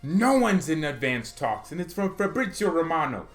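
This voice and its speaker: A man's voice: fairly high pitch, very animated, moderate pace, soft background music. A man hosting a football fan channel, talking in a casual, joking vlog style and mocking rival clubs.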